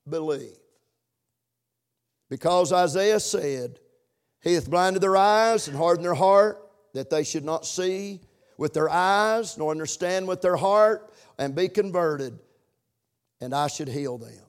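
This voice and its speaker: A man preaching in church with a somewhat high voice. He builds to loud, emphatic lines, then drops to quiet asides to the congregation. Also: slow pace, pauses often. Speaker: pastor. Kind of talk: sermon.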